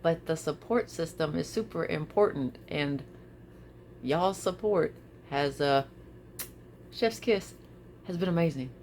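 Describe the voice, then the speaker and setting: A woman vlogging casually to her viewers, expressive, often repeating her phrases and laughing. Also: deep voice, takes it slowly, long pauses, a little hiss or hum. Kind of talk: casual talk to camera.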